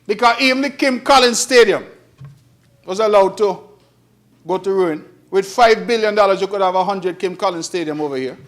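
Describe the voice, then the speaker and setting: High-pitched Nevisian male politician, emphatic parliamentary oratory, repeats his lines for effect. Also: normal speed. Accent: Kittitian-Nevisian. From Saint Kitts and Nevis. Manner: emphatic, repetitive oratory with rising and falling delivery. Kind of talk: parliamentary speech. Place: parliament chamber.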